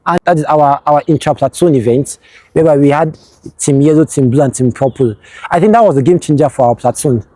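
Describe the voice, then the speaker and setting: A young man with a fairly high yet mellow, dark voice, talking in a halting way and repeating words as he thinks. The recording is dry and close. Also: dry recording. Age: young adult. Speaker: platoon executive, interviewee. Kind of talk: casual storytelling.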